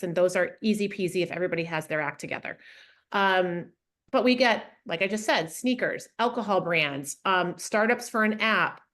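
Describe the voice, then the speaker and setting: A frank, no-nonsense woman speaks in a casual interview, her voice at an ordinary middle pitch. She is blunt and full of fillers and restarts. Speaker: interview guest, funding consultant.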